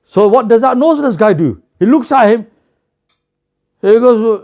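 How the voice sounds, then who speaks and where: Young preacher, animated storyteller, bright high voice, slightly muffled recording. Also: male voice, moderate pace, pauses often. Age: young adult. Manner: lively, animated storytelling with acted quotes. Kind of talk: storytelling sermon. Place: mosque.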